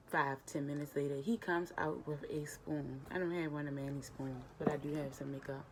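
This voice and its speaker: A young woman vlogger casually retelling a personal story, animated and emotional, acting out the dialogue. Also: deep voice, normal speed, hardly any pauses, noisy background.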